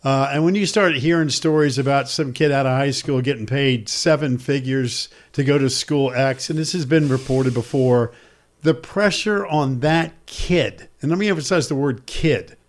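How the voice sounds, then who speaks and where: A man's voice: medium pitch, normal speed, few pauses. A man hosting a sports talk discussion, speaking earnestly and emphatically.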